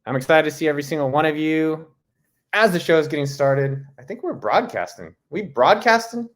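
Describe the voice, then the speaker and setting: A man's voice: on the high side, lively intonation, fairly quick, a bit bright. A man hosting a casual live stream from home, joking loosely and greeting viewers by name. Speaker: host. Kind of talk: casual livestream chat.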